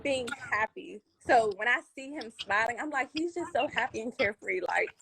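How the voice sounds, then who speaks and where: A woman speaking as a guest on a casual live-stream chat, halting and open, with lots of fillers and restarts. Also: on the high side, animated, creaky, a bit bright, slight background noise, low-quality recording. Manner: halting, full of fillers and restarts, open about her feelings. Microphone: phone.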